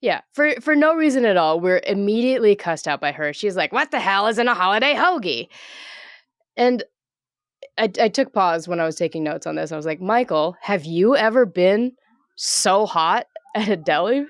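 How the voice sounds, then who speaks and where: A woman's voice: medium pitch, lively intonation, moderate pace, dry recording. A woman co-hosting a podcast, recapping a movie plot in order with dry asides. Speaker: podcast co-host. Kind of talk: casual movie recap chat.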